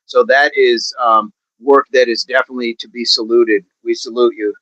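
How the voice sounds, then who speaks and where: A man's voice: medium pitch, steady tone, normal speed, fairly bright tone, no echo, highs cut off. A man hosting a casual fitness livestream, chatting with viewers in a rambling way and laughing often.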